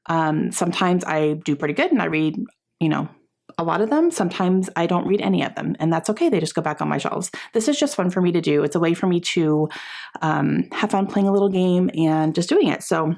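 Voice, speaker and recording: A woman vlogger chatting casually to camera about books, often laughing and filling pauses with "um". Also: lowish voice, a little mellow. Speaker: book vlogger.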